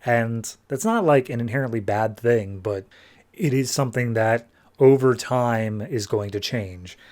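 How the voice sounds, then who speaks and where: A man hosting a podcast, casually recapping a comic issue in an animated way, leaning on "like" as he retells the scenes. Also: mid-range voice, unhurried. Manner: animated retelling, acts out characters' lines, heavy use of "like". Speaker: podcast host.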